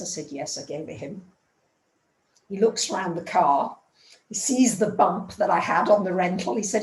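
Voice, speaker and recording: A woman's voice: on the low side, moderate pace, long pauses, darkish tone, roomy sound, poor audio. A woman telling a story in a chatty way and acting out the dialogue in a casual astrology talk.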